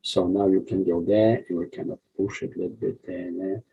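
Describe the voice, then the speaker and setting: Low gravelly man teaching drawing. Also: steady tone, brisk, narrow, tinny audio. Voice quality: deep gravelly husky voice. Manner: rambling, frequent "yeah?" and "you see" checks. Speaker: art instructor. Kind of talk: drawing tutorial walkthrough.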